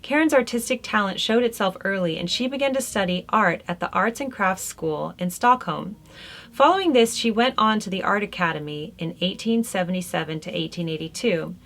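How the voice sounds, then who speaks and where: A woman's voice: mid-range voice, animated, a little fast, a bit bright. Chatty woman host reading art history. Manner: conversational, chatty, laughs between remarks. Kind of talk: reading notes aloud with casual asides.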